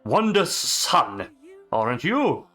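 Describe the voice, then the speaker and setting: A kindly aging steward of a game village, read out by a man. He talks slowly and softly, with a voice that rises and falls a lot. Faint game music plays underneath. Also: mid-range voice, sing-song, voice pushed down, heavily acted. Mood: gentle. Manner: reads the lines aloud plainly. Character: older male castle steward, kindly.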